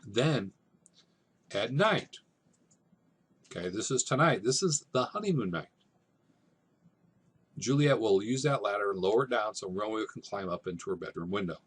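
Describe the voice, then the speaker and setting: A man teaching over slides, explaining a scene in relaxed, conversational everyday language. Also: fairly low pitch, moderate pace, pauses often, slightly rough. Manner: relaxed, conversational, paraphrasing in plain modern speech. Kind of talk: casual classroom explanation.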